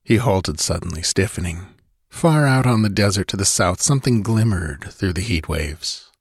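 A man narrating an audiobook in a measured, steady storytelling manner. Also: low-pitched, vocal fry, breathy edge, no echo, studio quality. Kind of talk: scripted narration.

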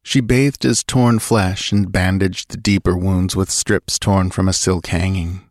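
Guy narrating an audiobook, low-ish voice, steady and measured, dry close mic. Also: dry recording. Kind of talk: scripted narration.

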